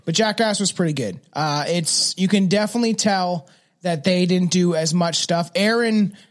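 A man hosts a podcast in loose, rambling chat, full of slang and swearing. His voice sits fairly high for a man and his manner stays laid back. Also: normal speed. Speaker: podcast host.

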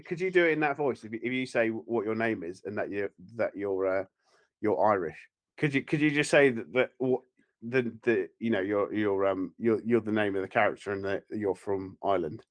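A man's voice: fairly low pitch, moderate pace. Teasing, rambling male podcast co-host. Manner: rambling, teasing, laughs a lot. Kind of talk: casual podcast chat.

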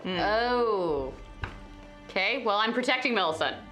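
A woman player in a tabletop game, chatting in a playful, animated, giggly way. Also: mid-range voice, measured pace, soft background music. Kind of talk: casual in-character game chat. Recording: echoey room.

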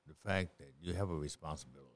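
A middle-aged man with a bass voice talks quickly as a podcast guest, handing out life advice in a casual chat. He preaches as he goes, often repeating and restarting his words.

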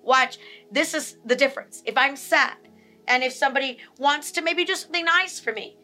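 A woman with a high, bright voice gives a teaching talk on emotions. She repeats her key points and briefly acts out angry and sad examples. Faint music plays behind her. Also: normal speed. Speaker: speaker on emotional health.

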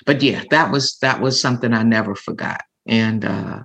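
An older woman, a guest on an interview show, telling stories in an animated and expressive way, acting out the voices she quotes. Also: extremely low pitch, moderate pace, creaky, breathy edge. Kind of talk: storytelling in a podcast interview.

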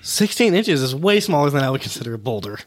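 A man's voice: medium pitch, sing-song, quick pace. A young man in casual chat, blunt and ranting, swearing as he complains.

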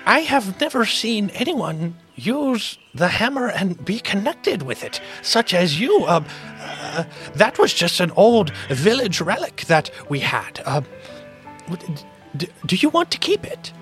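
A timid village woman, voiced by a man, pitched high and bright. She speaks in a halting way, with frequent hesitations. Faint music plays under the tabletop game. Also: big pitch swings, heavily acted. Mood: hesitant. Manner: halting, hesitant, lots of ums.

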